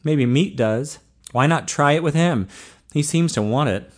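A man's voice: on the high side, unhurried. A man reading aloud, voicing a thin, uneasy young man who talks in an earnest, emphatic way.

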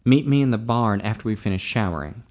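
A man reading aloud, voicing a brawny, blunt adult man in a hushed, matter-of-fact way. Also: on the low side, expressive, fast.

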